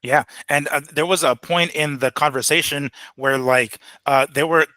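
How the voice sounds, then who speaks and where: A man co-hosting a boxing talk show in casual chat, profane and animated, often acting out what others said. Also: on the high side, normal speed, dry recording. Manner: profane, animated, acts out quotes.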